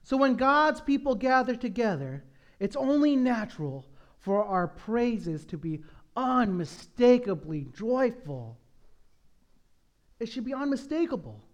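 A man with a strikingly high voice delivers a sermon in a church. He is emphatic and swings between hushed, prayerful moments and loud urging. He preaches as the congregation's pastor. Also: very animated, unhurried, lo-fi sound. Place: church sanctuary.

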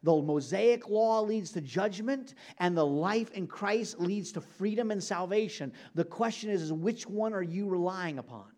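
A man's voice: high voice, animated, normal speed, few pauses, darkish tone. A man preaching a sermon, speaking earnestly and directly to his congregation. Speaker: pastor.

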